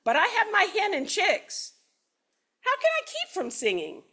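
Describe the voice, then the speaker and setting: A woman voicing a merry, stubborn little male rooster in a read-aloud children's story, in a high, defiant sing-song. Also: wildly swooping pitch, a little slow, pushed and bright, full character voice.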